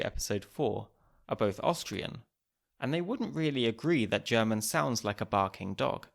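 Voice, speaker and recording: Gravelly male podcast narrator. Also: mid-range voice, fairly bright tone. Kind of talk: scripted narration.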